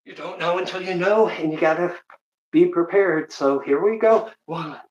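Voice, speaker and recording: A man live-streaming a home workout, counting reps aloud and telling animated family stories in casual chat. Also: high-pitched, moderate pace, lo-fi sound. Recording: roomy echo.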